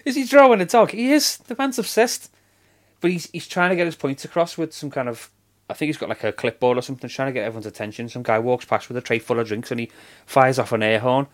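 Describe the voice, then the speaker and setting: A man's voice: medium pitch, fast. A man, chatting casually as a podcast co-host, laughing a lot and acting out quoted lines. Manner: enthusiastic, laughing storyteller. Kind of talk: casual chat.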